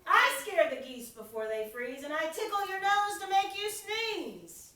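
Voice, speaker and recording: Woman voicing a loud boastful autumn wind. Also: high voice, lively intonation. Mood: angry. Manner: loud, rhyming, slow and emphatic. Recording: echoey room, mic far off.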